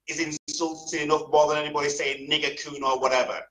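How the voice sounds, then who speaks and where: A man's voice: a little high, steady tone, quick pace, hardly any pauses, pushed and bright, poor audio. A man guesting on a podcast, speaking his mind in casual chat with firm, emphatic opinions. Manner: emphatic, opinionated, drops in punchlines.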